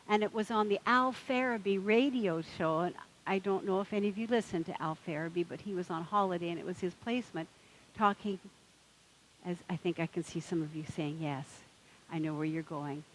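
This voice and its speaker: A woman's voice: mid-range voice, slight background noise, low-quality recording. A woman minister preaching a sermon in a conversational, storytelling manner.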